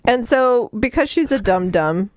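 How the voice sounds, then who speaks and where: A woman's voice: a little high, animated, unhurried, darkish tone, no room sound, clean studio sound. A woman co-hosting a podcast, casually retelling a book's plot with sarcasm and mock voices. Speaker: podcast co-host recapping a book. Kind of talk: casual chat.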